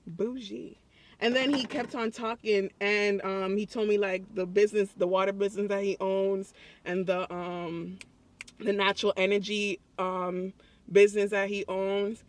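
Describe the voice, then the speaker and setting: Chatty high-voiced young man vlogging. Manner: excited, chatty, laughs often. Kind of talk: casual vlog storytelling. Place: public place.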